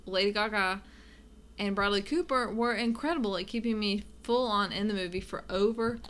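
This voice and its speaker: A woman's voice: mid-range voice, moderate pace, fairly bright tone. A woman co-hosting a podcast in casual chat, emphatic and opinionated. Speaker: podcast co-host.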